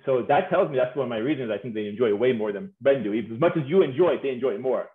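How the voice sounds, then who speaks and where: A man giving a humorous conference talk on marriage, animated and playful, acting out voices and laughing often. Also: mid-range voice, racing. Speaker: speaker on marriage. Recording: tinny phone-like sound in an echoey room.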